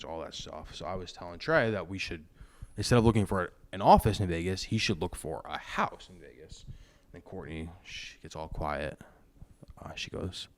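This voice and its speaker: A young man hosting a podcast, chatting loosely and jokily about sports into a microphone at home. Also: deep voice. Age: young adult. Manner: loose, rambling, jokey. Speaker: podcast host. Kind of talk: casual sports chat. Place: room at home. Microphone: studio microphone.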